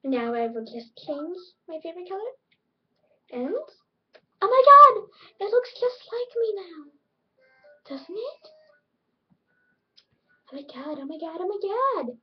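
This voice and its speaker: A woman's voice: very high voice, very animated, slow, pauses often, muffled recording, pitched above the performer's own voice, exaggerated voice. A woman voicing a vain, shallow, girly version of herself, gushing with self-admiring exclamations. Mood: thrilled.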